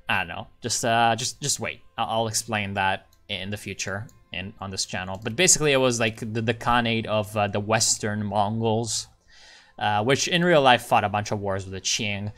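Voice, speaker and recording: A man's voice: on the low side, fairly bright tone. Rambling, swearing man on game commentary. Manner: rambling, muttering, swears when frustrated. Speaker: gaming channel host.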